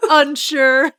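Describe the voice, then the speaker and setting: A woman's voice: high voice, bright, forceful tone, dry recording. A woman playing a tabletop game, chatting in a giggly, playful way. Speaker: player. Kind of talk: casual tabletop game play.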